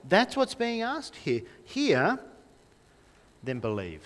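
A man's voice: high voice, wildly swooping pitch, slow pace, a bit bright. A young man preaching a sermon in a conversational way, often asking the congregation questions. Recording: reverberant hall.

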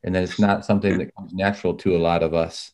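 A man hosting a podcast, asking long, thoughtful questions in a measured way, with careful hedges and restarts. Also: low voice, level tone, a little mellow. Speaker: podcast host, interviewer. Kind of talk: interview questions.

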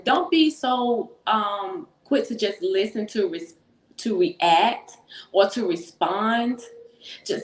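A mother who co-authored a book speaks on a panel, giving an encouraging talk with medium pitch. She is earnest and repeats phrases for emphasis, recorded on a phone in an echoey room.

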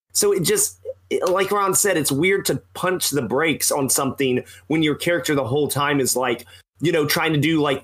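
A man co-hosting a casual wrestling podcast, animated, acting out quotes as he talks. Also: on the high side, slightly rough. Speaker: podcast co-host.

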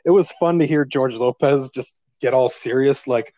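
A man co-hosting a podcast, chatting casually about a movie, relaxed, laughing often and swearing now and then. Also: medium pitch, moderate pace, hardly any pauses, no echo. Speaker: podcast co-host. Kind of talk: casual movie review chat.

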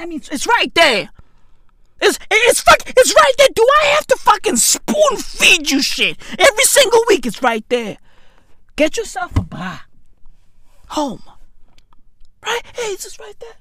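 A woman's voice: high-pitched, fairly bright tone, dry recording, studio quality. A woman delivering a profane, slangy comedic rant, keeps asking "right?" for emphasis.

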